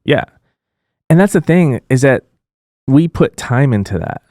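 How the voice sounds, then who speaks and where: A man's voice: mid-range voice, expressive, unhurried, warm tone, dry recording, clean studio sound. A man co-hosting a podcast, airing a grievance in a heated, profane rant. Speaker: podcast co-host. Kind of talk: casual chat.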